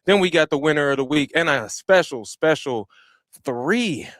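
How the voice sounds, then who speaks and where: A man hosts a live podcast from his home studio, running through viewer shout-outs with loose, slangy energy. His voice sits a bit high for a man. The sound is close and dry, with no room echo. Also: animated, moderate pace. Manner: slangy and informal. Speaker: podcast host. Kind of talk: live-stream podcast chat.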